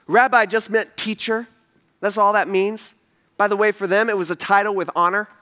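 A man's voice: sits high, moderate pace, clean tone. A male pastor giving a sermon to his congregation, telling stories with casual asides and humor. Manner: animated storytelling with asides to the congregation. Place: church stage before a congregation.

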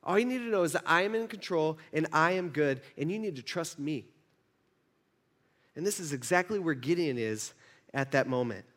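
A man preaching a sermon, telling a Bible story in an animated way and acting out the characters. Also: normal speed. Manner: animated storytelling, voices biblical figures with rising pitch. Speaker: pastor.

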